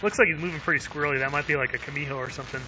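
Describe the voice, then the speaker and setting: A man's voice: a little high, rapid-fire, bright, forceful tone, slight background noise. A man streaming a video game live, chatting upbeat with viewers, laughing often and using lots of fillers. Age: adult with young kids. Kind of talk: live gameplay commentary.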